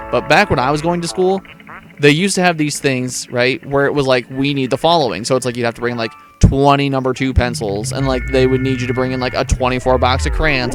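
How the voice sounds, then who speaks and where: A man's voice: medium pitch, fairly bright tone. A young man hosting a casual let's-play, chatty and rambling with playful asides to his viewers. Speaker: gaming channel host.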